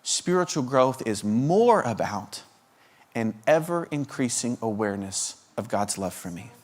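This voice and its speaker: A man delivering a passionate sermon in a voice of ordinary, middle pitch. He builds momentum with one rhetorical question after another, often tripping over restarts and repeated words as he drives his point home. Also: sing-song, unhurried. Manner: restarts and stammered repetitions when pressing a point. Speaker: guest preacher.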